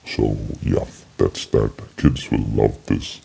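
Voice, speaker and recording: A man's voice: a bass voice, slow pace, mellow, pitched below the performer's own voice, exaggerated voice. A man talking casually through a robot voice-changer effect. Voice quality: gravelly, raspy processed tone. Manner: casual, explanatory.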